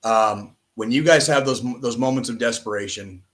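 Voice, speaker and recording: A man's voice: medium pitch, moderate pace, fairly bright tone. Profane, emphatic male podcast host. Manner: profane, emphatic, repeats "okay?" and "all right?". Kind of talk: impassioned podcast monologue.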